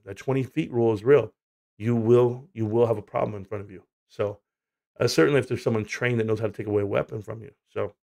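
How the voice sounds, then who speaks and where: An American man hosts a casual livestream chat, rambling through stories while swearing and laughing. His voice is gravelly with a medium pitch.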